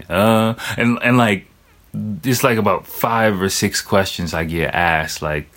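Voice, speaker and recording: A young man talks in a loose, rambling monologue with a fairly low voice. He swears freely and leans on filler words as he circles his point. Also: fairly even intonation, slow pace, a bit bright. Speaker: vlogger. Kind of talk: casual storytelling monologue.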